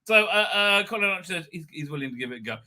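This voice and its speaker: A middle-aged man hosts a loose, unscripted live show and reads viewer comments aloud. His voice sits a little high with a very bright, cutting edge. He rambles from one tangent to the next and often breaks into laughter. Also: lively intonation. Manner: rambling, chatty, quick to laugh. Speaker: livestream host. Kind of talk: casual live chat, reading viewer comments.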